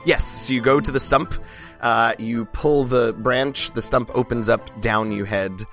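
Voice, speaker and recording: A man with a hoarse voice from a cold, hosting and narrating a tabletop game as dungeon master, with many fillers and restarts. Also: medium pitch, fairly even intonation, measured pace, fairly bright tone, faint music behind.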